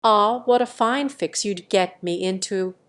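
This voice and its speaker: A woman voicing a big, slow-witted husband who shouts and growls at his wife in an audiobook. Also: mid-range voice, natural voice. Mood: angry.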